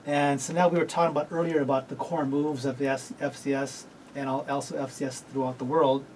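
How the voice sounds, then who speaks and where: A man's voice: medium pitch, level tone, brisk, darkish tone, distant mic, slight background noise, poor audio. A man hosting a radio talk show, chatting casually with guests and often stopping to rephrase himself. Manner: rambling, self-correcting, laughs readily.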